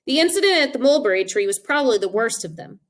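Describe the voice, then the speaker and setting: A woman narrating an audiobook with expressive storytelling. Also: a little high, quick pace.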